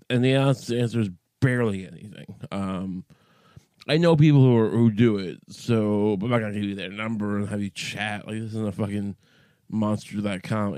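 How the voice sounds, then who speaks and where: A man's voice: lowish voice, mellow, no room sound. Crude, rambling man in a closet. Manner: crude, profane, rambling comic riffing. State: morning voice, slightly cracky. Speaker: podcast host. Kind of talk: rambling solo podcast monologue. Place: small closet.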